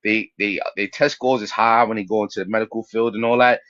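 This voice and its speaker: A man's voice: lowish voice, steady tone, fast, fairly bright tone, muffled recording. A man from New York with a New York accent, speaking on a panel in blunt, slangy talk and asking pointed questions. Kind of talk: debate on a panel.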